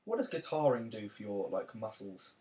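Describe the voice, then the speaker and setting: A young man chatting casually on a podcast, making dry low-key remarks. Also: expressive, moderate pace, a little mellow. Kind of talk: casual chat. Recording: faint background noise.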